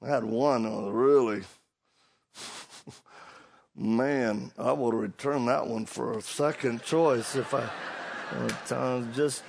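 A middle-aged man with a thick Louisiana Cajun accent preaches a sermon, his voice gravelly with fry. He talks in a folksy storytelling way, stumbling and restarting his sentences. His pitch sits in the middle for a man. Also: steady tone, takes it slowly, pauses often, a little mellow. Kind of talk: sermon with humor.

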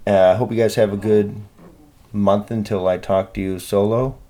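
A man's voice: lowish voice, fairly even intonation, moderate pace, mellow. A man hosting a solo podcast, rambling and swearing in a self-deprecating, casual way. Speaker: podcast host.

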